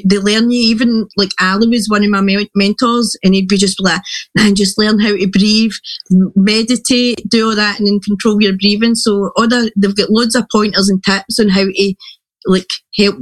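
Guest: mid-pitched speaker, hesitant and halting, casual chat. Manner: halting, many restarts and fillers. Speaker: guest sharing their story.

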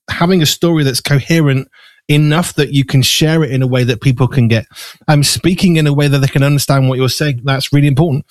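A man from the Black Country with a softened Black Country accent, hosting a chatty radio interview and laughing easily. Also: a little high, no echo. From Black Country, English Midlands. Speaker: radio show host. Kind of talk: casual interview chat.

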